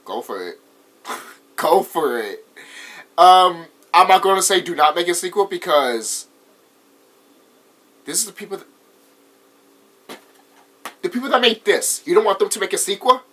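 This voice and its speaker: A young man with an American accent talks through a movie review in a loose, rambling way. His voice is bright and edgy, sits a bit high, and swings up and down a lot as he gets worked up. He laughs often and swears freely. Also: lively intonation, measured pace, long pauses. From United States. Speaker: vlogger. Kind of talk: casual movie review vlog.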